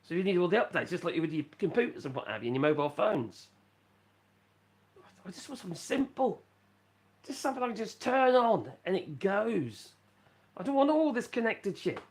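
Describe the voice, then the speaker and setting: A middle-aged man from Norfolk, England, with a Norfolk accent, live-streams from his rural home in France, rambling chattily and reading chat messages aloud. His voice sits high and he is very animated, a little fast, and self-mocking.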